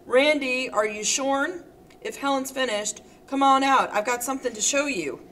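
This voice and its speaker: A woman voicing a calm, analytical woman who speaks in a cool, detached and measured way. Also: fairly low pitch, slight background noise, natural voice, poor audio. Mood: calling.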